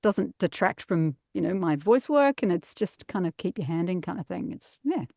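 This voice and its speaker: A woman's voice: fairly low pitch, expressive, normal speed, gravelly, dark tone, no room sound, studio quality. A middle-aged woman, a voice actor guest, chatting casually and self-mockingly from her padded home booth. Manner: self-mocking, laughs often. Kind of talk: casual interview chat.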